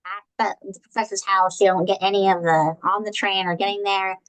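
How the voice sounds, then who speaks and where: A woman's voice: mid-range voice, little pitch movement, a little fast, a bit bright, smooth, low-quality recording. A woman co-hosting a podcast in casual chat, blunt with wry asides. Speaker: podcast co-host.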